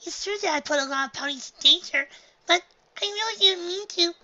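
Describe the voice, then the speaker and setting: A woman voicing an anxious, earnest young unicorn filly from a storybook, speaking in a high, hesitant, pleading way. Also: fairly even intonation, fairly quick, sharp tone. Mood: upset. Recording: dull lo-fi home recording.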